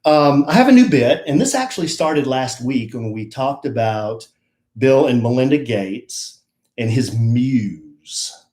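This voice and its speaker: A man's voice: mid-range voice, expressive, a little mellow. Dry, teasing man co-host. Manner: dry, teasing, halting delivery with fillers. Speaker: radio show co-host. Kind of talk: casual banter, reading an article aloud.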